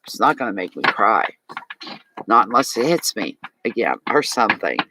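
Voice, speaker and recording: A man's voice: fairly low pitch, very animated, moderate pace, sharp tone, slight background noise, low-quality recording. A man with a Maritime Canadian accent giving a live tarot reading, talking chattily and animatedly to his viewers and answering chat comments. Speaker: tarot reader.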